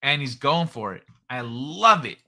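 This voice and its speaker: A man's voice: mid-range voice, sing-song, a little slow, pushed and bright. A man hosting a live stream, chatting loosely and profanely in a rambling, joking way. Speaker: streamer host. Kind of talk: casual live-stream chat.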